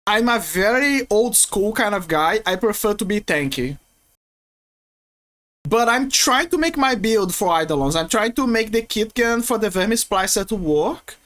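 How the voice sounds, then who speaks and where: A woman's voice: mid-range voice, lively intonation, moderate pace, a bit bright. A woman from Brazil, chatting casually and playfully with viewers while streaming a game, often restarting her sentences. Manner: rambling, playful, many restarts.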